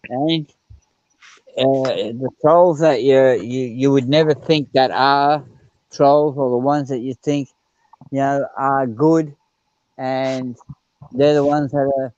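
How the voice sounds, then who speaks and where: A man's voice: mid-range voice, darkish tone. A man who is a guest on a live stream, chatting casually and complaining in a rambling, agreeable way. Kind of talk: casual chat. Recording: dry, dull lo-fi audio.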